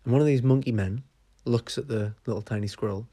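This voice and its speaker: A man's voice: medium pitch, normal speed, dark tone, husky, no room sound. A man hosting a podcast, telling a story in a chatty, sweary way. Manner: chatty, sweary, says "right?" often. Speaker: podcast host. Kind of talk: casual storytelling.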